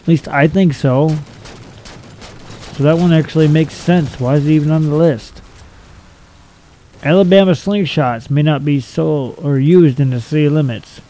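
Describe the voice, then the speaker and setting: A man's voice: a little high, moderate pace, long pauses, mellow, slight background noise, low-quality recording. A young man reading out silly laws and mocking each one in a blunt, profane, sarcastic way. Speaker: video commentator.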